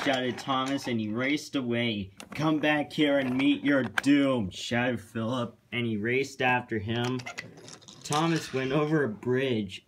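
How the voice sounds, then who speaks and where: A man narrating a homemade storybook tale about train engines in a plain, even manner. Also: mid-range voice, background noise.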